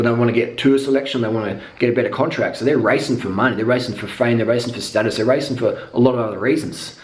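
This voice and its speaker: A man delivering a profane, rambling cycling rant with emphatic repetition. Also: medium pitch. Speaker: cycling vlogger. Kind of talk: unscripted monologue rant. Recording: echoey room.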